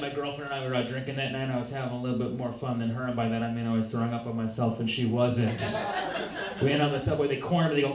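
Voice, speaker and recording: A young man doing a stand-up set on a club stage, telling deadpan, self-deprecating stories. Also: medium pitch, very fast. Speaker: stand-up comedian. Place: comedy club stage, live audience. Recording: roomy live club recording from far off. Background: audience laughter.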